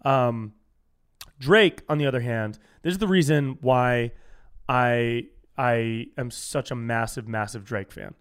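A man's voice: slow pace, clean tone. A young man from California hosting a solo comedy podcast, telling casual stories and acting out strangers he quotes. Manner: animated storytelling, acts out quoted strangers in higher voice.

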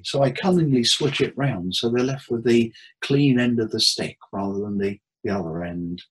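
A man, a therapist, giving tips in a relaxed interview with jokes and acted-out quotes. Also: mid-range voice, normal speed, few pauses, slightly rough, rough recording. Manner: jokey, anecdotal, acts out quotes. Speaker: therapist and hypnotherapist guest.

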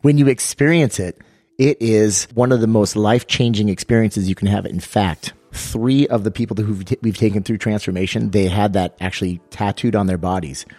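A man with a low, dark and mellow voice tells a story on a podcast with lots of energy. He acts out the people in his story. The sound is dry and close. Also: normal speed, no room sound. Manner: energetic storyteller, acts out quotes with raised pitch. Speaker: podcast co-host and fitness coach.

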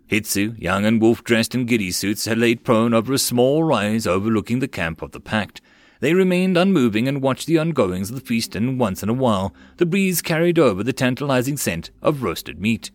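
A man narrating a web novel audiobook in a measured storytelling manner. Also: mid-range voice, lively intonation, no room sound.

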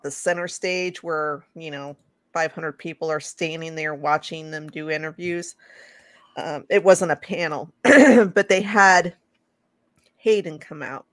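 A woman co-hosting a casual podcast chat, emotional and halting, often repeating her words. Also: fairly low pitch, a bit bright, no echo. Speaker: co-host.

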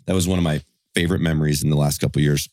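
A man with a very low voice talks quickly and eagerly, full of casual slang. He sounds enthusiastic in a relaxed chat. The sound is dry and close. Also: no echo. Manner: enthusiastic, laid-back slang.

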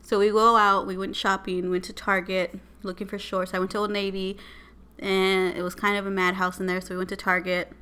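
A woman, telling a story as a podcast co-host in a casual, animated and exasperated way. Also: medium pitch, a little fast, clean tone. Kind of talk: casual chat.

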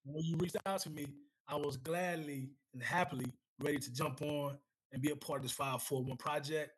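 A man's voice: on the high side, fairly even intonation, breathy edge, poor audio. A middle-aged man, a retired first sergeant, talking casually as a podcast guest, often repeating words as he gathers his thoughts. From United States. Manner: halting, repeats words, warm praise. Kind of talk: casual conversation.

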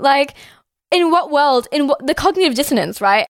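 A woman's voice: high-pitched, expressive, moderate pace, dry recording, studio quality. A woman co-hosting a podcast, talking heatedly with lots of swearing and fillers. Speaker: podcast co-host. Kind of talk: casual chat.

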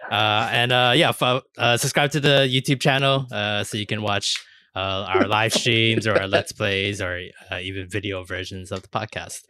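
A male podcast host with a lowish, forceful voice. He talks in loose, casual chat, tripping over repeated words and swearing freely. The sound is close and dry. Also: steady tone, normal speed, clean tone, no room sound.

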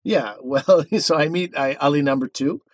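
A man's voice: fairly high pitch, normal speed, no echo. A man co-hosting a podcast in casual chat, rambling through a story and correcting himself as he goes. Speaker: podcast co-host.

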